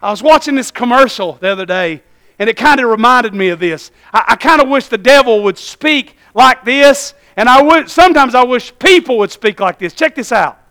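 A man preaching a sermon in a church, calling "Amen?" to the congregation and swinging between shouted points and quiet asides. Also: extremely high pitch, animated, normal speed, clear, resonant tone. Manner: call-and-response, asking "Amen?". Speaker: pastor.

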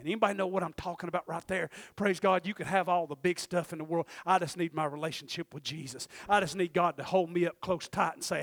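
Guy preaching, gravelly, dry close sound, hushed one minute and hollering the next. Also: fairly high pitch, quick pace, few pauses, no echo. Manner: swings from hushed murmurs to shouted fervor. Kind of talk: sermon.

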